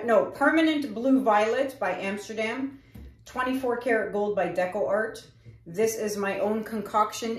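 A woman artist talking casually to her viewers while she paints. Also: mid-range voice. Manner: chatty, addresses viewers directly. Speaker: acrylic pour artist. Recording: echoey room.

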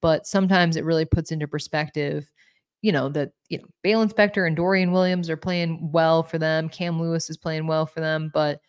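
A woman's voice: deep voice, fairly even intonation, a little fast, clear, resonant tone. A woman co-hosting a sports talk show, chatting casually and a bit self-deprecating while reading viewer questions.

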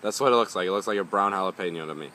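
Young male vlogger, low and bright, rambling and foul-mouthed, faint crickets outdoors. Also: racing. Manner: rambling, swears often, grumbling. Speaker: pepper reviewer. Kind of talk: casual vlog talk.

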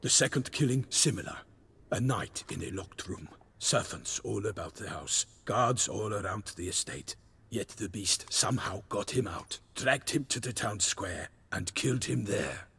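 An actor playing a proud, eager knight in a video game, with declamatory speech. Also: male voice, on the low side, normal speed, gravelly, slightly rough, full character voice. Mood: grave. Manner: declamatory, animated.

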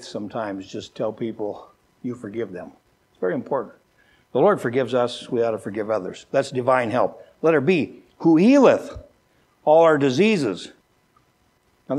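An older man preaching a sermon as a pastor, folksy and joking, who often repeats words and slows down with a lifted voice when he reads scripture. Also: medium pitch, a little mellow, slightly rough. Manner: slows down and lifts his voice when reading scripture.

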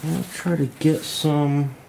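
A man walking through a model glider build at home at night, thinking aloud in a relaxed, self-deprecating way. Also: fairly high pitch, a little slow, vocal fry, slight background noise. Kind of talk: hands-on build tutorial.

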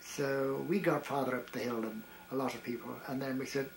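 An elderly man in his eighties tells stories from his days as a variety performer. He stops and restarts often, chuckling at his own tales, and his voice sits at a middling pitch. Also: fairly even intonation, slight background noise, low-quality recording. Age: 80s. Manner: halting, with many restarts and chuckles. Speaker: retired variety performer recalling wartime. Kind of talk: reminiscing storytelling.

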